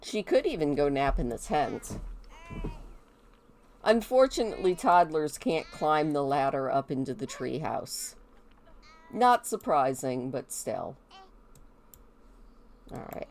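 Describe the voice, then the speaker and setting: A woman with a stuffy, congested nose gives relaxed gameplay commentary. Her voice sits fairly low, and she speaks slowly, chatting to the characters on screen as she plays. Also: gravelly, slight background noise. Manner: chatty, talks to game characters. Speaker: gameplay video host.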